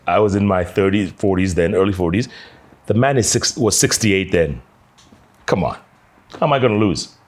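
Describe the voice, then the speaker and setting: Deep husky male storyteller. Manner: animated, many "you know" fillers. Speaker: journalist telling a story. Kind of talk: anecdotal storytelling.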